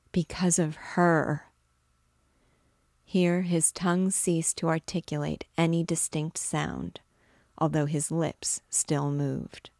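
A woman reading a classic novel aloud in a measured, unhurried way. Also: sits low, creaky, darkish tone, dry recording, studio quality. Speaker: book discussion host reading aloud.

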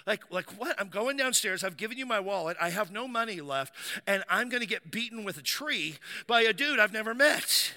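A man's voice: sits high, expressive, moderate pace, sharp tone, big-room sound. A man preaching, telling a personal story vividly and acting out the dialogue. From United States.

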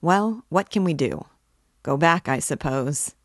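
A woman's voice: low voice, expressive, a little slow, dry recording, clean studio sound. A woman reading aloud, voicing an impatient man visitor who grumbles and curses. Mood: irritated. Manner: grumbling, cursing.

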